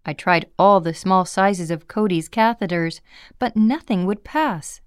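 Woman, memoir reading, measured, smooth voice, dry close sound. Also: medium pitch, no echo. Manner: measured, plain storytelling. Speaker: audiobook reader.

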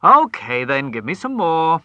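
A man's voice: on the high side, big pitch swings, measured pace, bright, forceful tone, no echo, heavily acted. A man reading aloud voices a blunt, hearty middle-aged police sergeant in a told story.

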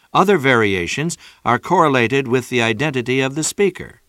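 A man narrates a textbook lesson in a steady, measured way, his voice sitting at an ordinary middle pitch. The recording is close and dry, with no room sound around him. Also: no echo. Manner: measured, even reading of textbook prose. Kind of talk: scripted narration.

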